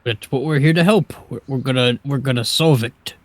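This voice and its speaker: A man's voice: medium pitch, normal speed, no room sound, lightly acted. A man playing a stammering, eager ogre. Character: gentle, dim-witted ogre sailor. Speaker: player.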